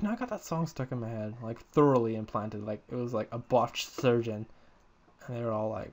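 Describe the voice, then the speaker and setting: A man's voice: mid-range voice, brisk, a little mellow, a little hiss or hum. A young man giving casual, crude, joking commentary while playing a game, talking to the creatures on screen. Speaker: gamer uploading let's-play videos.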